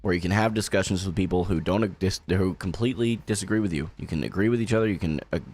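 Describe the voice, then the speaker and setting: A young man live-streaming with a headset, chatting casually and making an earnest, encouraging pitch to his community. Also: quick pace, darkish tone. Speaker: gaming streamer.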